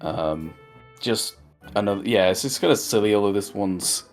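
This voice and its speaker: A man's voice: lowish voice, moderate pace, soft background music. A man co-hosting a casual review chat, rambling through jokey recaps with lots of fillers. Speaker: podcast co-host.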